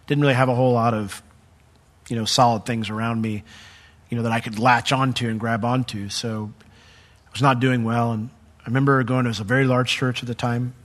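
A middle-aged male pastor preaching a sermon, animated when retelling a story and hushed when sharing his own testimony. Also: mid-range voice, a little fast. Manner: animated storyteller, voice jumps up when acting out the crowd; drops to a soft, hushed tone for personal testimony.

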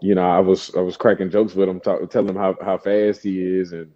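A football player in a played interview clip, speaking haltingly with many restarts. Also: male voice, sits low, flat delivery, mellow, dry recording. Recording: dull clip played on air.

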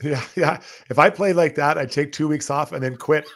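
A man's voice: on the high side, normal speed. A man co-hosting a sports show, telling stories in casual chat, laughing often and tripping over his words. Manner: animated storyteller, laughing often. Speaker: co-host.

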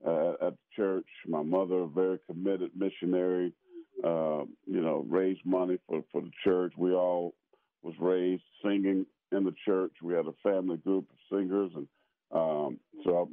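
A man's voice: deep voice, steady tone, moderate pace, no room sound. A man from South Carolina, a pastor and former football player, talking casually with many restarts and fillers. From South Carolina, USA. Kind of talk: casual conversation. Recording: tinny phone-like line.

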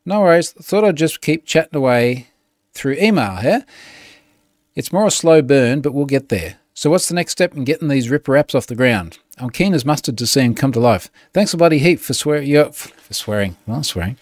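A man's voice: fairly high pitch, animated, a little fast, dry recording, clean studio sound, natural voice. A man reading out a chatbot reply as a boisterous outback Australian bloke, in a broad Australian accent full of hammy slang. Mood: jovial.

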